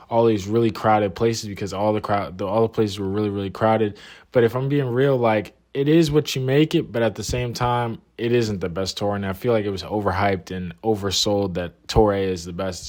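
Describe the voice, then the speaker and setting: A man's voice: on the low side, darkish tone. A man with an American accent, a travel vlogger giving a casual, laid-back review and talking straight to the camera. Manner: laid-back, says "bro" and "if I'm being real".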